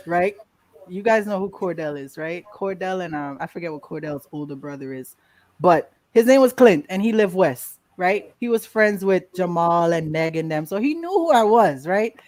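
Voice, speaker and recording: A woman guest in a casual interview, telling a lively story, acting out quotes and laughing often. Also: on the low side. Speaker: podcast guest.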